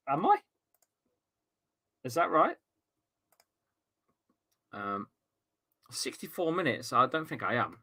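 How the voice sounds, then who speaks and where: A man's voice: on the high side, big pitch swings, very slow, long pauses, bright, forceful tone, breathy edge. A young man streaming a football watchalong, chatting casually, reading out viewer comments and swearing now and then. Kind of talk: live match watchalong commentary.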